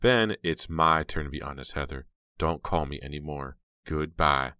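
A man's voice: rumbling low, moderate pace, clear, resonant tone, no room sound, studio quality. Man doing a cold, curt teenage boy. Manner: flat, curt, sarcastic. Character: hurt, cold teenage boyfriend.

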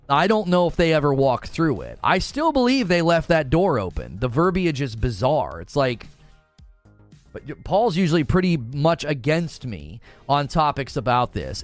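A man hosts a casual gaming livestream, reading chat comments aloud and laughing often as he talks. His voice sits a little high and swings widely in pitch. The sound is dry and close, with faint music behind him. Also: no echo. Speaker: gaming channel host reading live chat.

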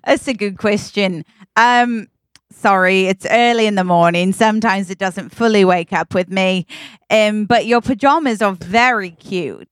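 A woman voicing a gentle, polite, tall male ship captain in an improvised comedy scene, speaking softly and courteously. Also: medium pitch, measured pace, clear, resonant tone, dry recording, clean studio sound, natural voice. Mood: apologetic. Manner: soft-spoken, courteous and apologetic.

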